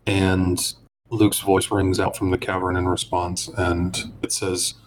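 A man narrating a tabletop role-playing game as game master, describing scenes in an unhurried way with small pauses. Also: low voice, little pitch movement, background noise.

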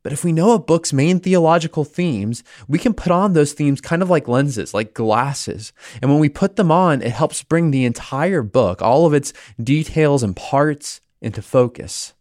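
An American podcast host teaches about the Bible conversationally and weaves in a personal story, telling it with animation and small restarts. His voice is a little high, his pace moderate with hardly any pauses, and the recording is dry with clean studio sound.

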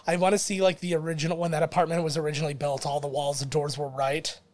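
A young man co-hosting a podcast, chatting casually about a movie in a rambling, joking way and slipping into quick impressions. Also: on the high side, little pitch movement. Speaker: podcast co-host. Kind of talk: casual movie commentary chat.

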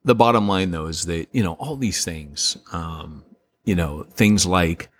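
A man's voice: low voice, measured pace. A man co-hosting a casual podcast, rambling through points and acting out quotes with lots of laughs. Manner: animated storyteller, acts out quotes, laughs often; rambling, many restarts and fillers. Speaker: podcast co-host.

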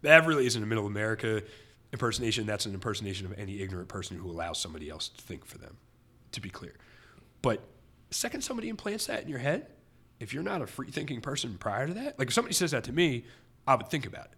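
A man hosting a podcast in casual chat, talking in animated, rambling, emphatic runs. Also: mid-range voice, fast, breathy edge. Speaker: podcast host.

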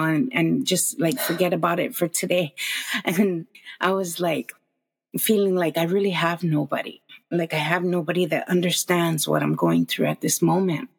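A woman's voice: on the low side, creaky, slightly rough. A woman in her forties telling a personal story as a podcast guest, earnest and emotional, often restarting her sentences. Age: 40s.

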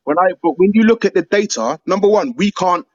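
Fast-talking British man, heated and emphatic. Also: high-pitched, lively intonation, no room sound, dull audio. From United Kingdom. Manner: fast, emphatic, swears, calls people mate and bro. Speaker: guest on a call-in panel. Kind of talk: heated debate.

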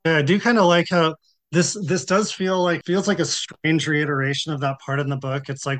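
Reflective man with a higher voice. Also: fairly quick, fairly bright tone. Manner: reflective, laughs lightly. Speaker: podcast panelist. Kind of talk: casual chat.

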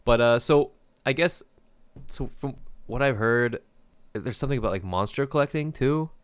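Man, casual gaming chat, clear resonant tone, laughs a lot, rambling. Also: medium pitch, normal speed, no echo. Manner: laughs often, loose and rambling. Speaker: podcast co-host.

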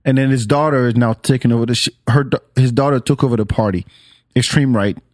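A man's voice: mid-range voice, steady tone, fast, a little mellow, no echo. Podcast host from Senegal, a man, mid-range voice, loose profane banter, dry booth. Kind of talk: casual podcast chat.

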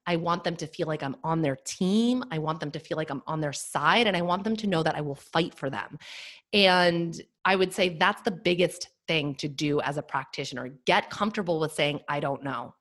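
Candid, animated woman podcaster. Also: sits low, moderate pace. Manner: candid, animated, uses many fillers. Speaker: podcast host and nutrition practitioner. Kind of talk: solo podcast monologue.

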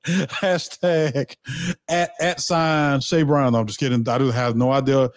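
A man's voice: mid-range voice, steady tone, a little slow, no echo, clean studio sound. A man hosting a podcast, joking with his guest and laughing between fillers. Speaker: podcast host. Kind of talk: casual podcast chat. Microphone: remote call.

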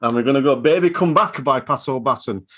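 A man hosting a casual podcast chat, jokey and quick to swear. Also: medium pitch, a bit bright, slightly rough. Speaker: podcast host.

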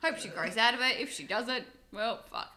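A woman's voice: a little high, moderate pace, bright, forceful tone. A woman co-hosting a podcast in casual chat, swearing freely and laughing as she talks. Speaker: podcast co-host.

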